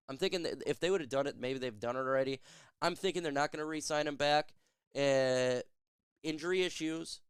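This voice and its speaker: A man hosts a sports talk show and reads out viewer questions in a relaxed, joking way. His voice is smooth and clear and sits a little on the high side. The sound is dry and close, with no room around it. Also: no echo. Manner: chatty, joking, reads and answers viewer comments. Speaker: sports podcast host. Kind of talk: casual live Q&A chat.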